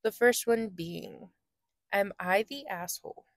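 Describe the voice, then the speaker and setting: A woman's voice: mid-range voice, measured pace, no room sound. Playful, giggly woman co-host chatting casually, dry close-mic sound. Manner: giggly, playful, slips into silly accents. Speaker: podcast co-host. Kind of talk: casual chat.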